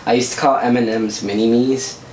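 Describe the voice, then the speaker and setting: A man's voice: mid-range voice, steady tone, normal speed, a loud crowd. Young man rambling in an echoey room. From Southern California. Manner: rambling, filler-heavy storytelling. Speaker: vlog host. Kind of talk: casual chat. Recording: echoey room, mic at a distance.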